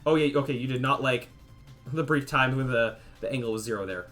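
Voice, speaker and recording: A man's voice: mid-range voice, fairly quick, fairly bright tone, soft background music. A young man streaming game development, thinking aloud casually as he tests values, trailing off and restarting his sentences. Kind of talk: casual livestream thinking aloud while coding.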